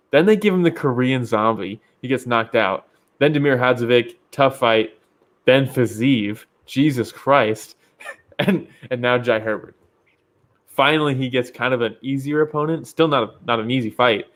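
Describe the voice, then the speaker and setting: Profane laughing man talking fights. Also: medium pitch. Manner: loose, profane, laughs often. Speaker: podcast co-host. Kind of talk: casual fight-talk podcast.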